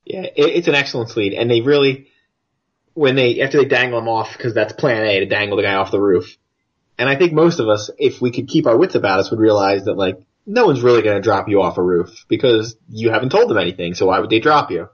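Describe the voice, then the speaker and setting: A man's voice: on the low side, animated, brisk, husky, lo-fi sound. An American man co-hosting a podcast, chatting casually and jokily about a film. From United States. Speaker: podcast co-host.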